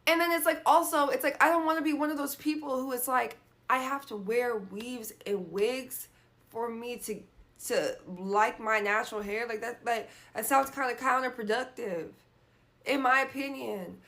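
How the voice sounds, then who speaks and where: A young woman talks straight into the camera, venting her frustration in a loose, rambling monologue. Her voice sits a little high, and she keeps stacking up "like" and curse words as she complains. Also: moderate pace, fairly bright tone. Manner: frustrated, frequent "like" fillers and swearing. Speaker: vlogger.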